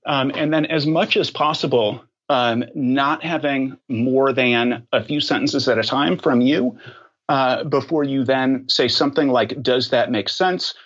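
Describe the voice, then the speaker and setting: A man speaking as a podcast guest, thoughtful and unhurried, with many ums and restarts. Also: medium pitch, fairly even intonation, a bit bright, highs cut off. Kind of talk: casual interview talk.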